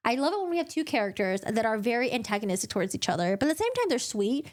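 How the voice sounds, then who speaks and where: A young woman gives a casual, rambling recap of a novel to her viewers. She giggles often and jumps into playful voices for the characters. Her voice sits a little above the usual pitch for a woman. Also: big pitch swings. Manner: chatty, giggly, acts out characters in quick put-on voices. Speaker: book channel host.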